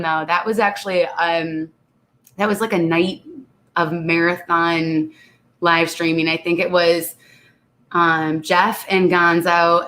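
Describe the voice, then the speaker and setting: A woman's voice: fairly low pitch, bright, forceful tone. A woman hosting a casual live stream, reading viewer comments aloud and chatting with frequent laughter, a little congested. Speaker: channel host reading live chat.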